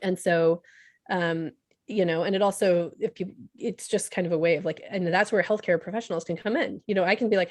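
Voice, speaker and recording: A woman ICU doctor giving a casual, chatty talk full of fillers and quick laughs, over a video call. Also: fairly low pitch, steady tone, no room sound, studio quality.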